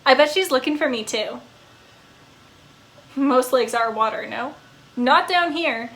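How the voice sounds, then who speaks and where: A woman voicing an eager, friendly male ghost dog who talks in a loud, bouncy, jokey way. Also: sits high, measured pace. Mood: wistful.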